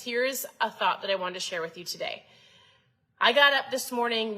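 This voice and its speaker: Bright-voiced chatty woman coaching viewers. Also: medium pitch, low-quality recording. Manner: chatty, coaching, asks the audience questions. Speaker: host. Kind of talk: casual motivational talk to viewers.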